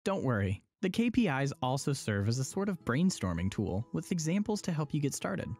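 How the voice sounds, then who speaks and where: A man's voice: mid-range voice, a little mellow. Upbeat man in a scripted church explainer. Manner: upbeat, persuasive. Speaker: church promo presenter.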